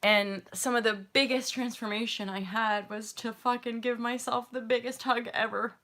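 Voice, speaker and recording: A woman in her thirties, a yoga and meditation teacher, talking casually to her viewers in an emotional, expressive way, laughing often and swearing freely. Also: a little high, normal speed. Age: 30s. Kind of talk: emotional casual talk to camera.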